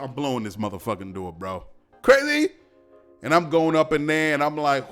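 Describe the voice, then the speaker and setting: Podcast host, male, mid-pitched voice, profane commentary that flares into shouting, faint music bed behind. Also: fairly quick. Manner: profane, heated, shifts from calm talk to shouting. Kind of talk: casual commentary monologue.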